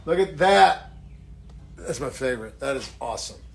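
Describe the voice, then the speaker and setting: A man, an actor signing autographs on a live stream, chatting casually in a jokey, self-mocking way and thanking fans warmly. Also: mid-range voice, expressive, moderate pace, creaky.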